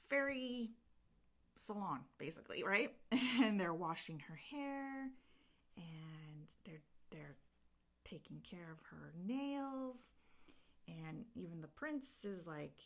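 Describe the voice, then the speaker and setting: A woman's voice: medium pitch, big pitch swings, slow pace, long pauses. A woman vlogger retelling a book in casual chat, rambling with lots of filler words. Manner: rambling storyteller, heavy use of filler 'like'.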